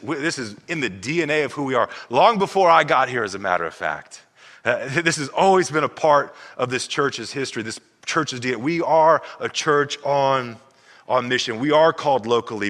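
A man's voice: mid-range voice, a bit bright, big-room sound. A man preaching a sermon as pastor, emphatic and repeating himself as he builds his points. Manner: emphatic, repeats words, acts out quoted voices.

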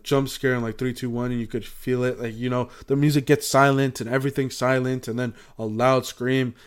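A man's voice: mid-range voice, a little mellow. Rambling casual man podcaster. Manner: rambling, swears freely, many fillers. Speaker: podcast co-host. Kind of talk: casual chat.

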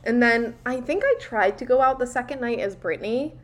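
A young woman in her twenties recalling college days in casual chat, playful and quick to laugh. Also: a little high.

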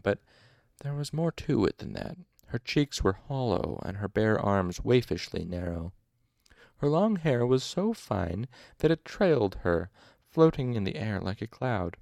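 A man's voice: lowish voice, very animated, unhurried, creaky, darkish tone, dry recording, studio quality. A man reading a novel aloud expressively, with occasional asides and self-corrections. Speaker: audiobook narrator.

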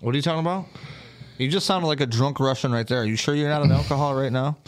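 A man's voice: mid-range voice, rapid-fire, clear, resonant tone. Laid-back swearing man chatting. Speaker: podcast co-host. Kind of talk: casual live-stream chat.

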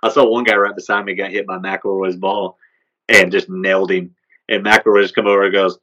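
Deep, flat-voiced man chatting sports. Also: fast, poor audio. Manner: relaxed, rambling with many fillers. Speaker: podcast co-host. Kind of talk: casual sports chat.

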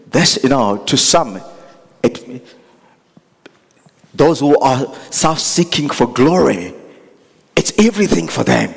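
A man preaching with a husky, breathy edge to his mid-pitched voice. His delivery is earnest and rises to impassioned pleading. The sound rings out with a long hall reverb. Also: lively intonation, slow, pauses often. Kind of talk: sermon.

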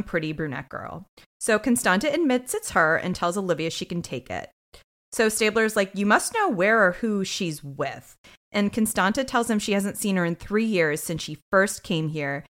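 A woman co-hosting a podcast, recapping an episode in casual chat with snark and free swearing. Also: medium pitch. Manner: animated, snarky, swears freely. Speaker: podcast co-host.

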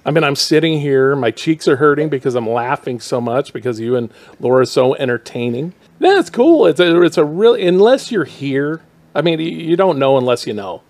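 A man's voice: medium pitch, brisk, a little mellow. A man visiting as a podcast guest in a small studio, chatting enthusiastically and laughing often. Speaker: guest promoting an event. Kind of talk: casual chat.

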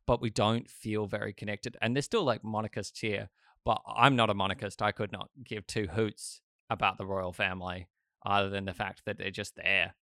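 Bright, blunt Australian man. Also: fairly low pitch, moderate pace, no room sound, studio quality. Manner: animated, blunt, chatty. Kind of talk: casual chat.

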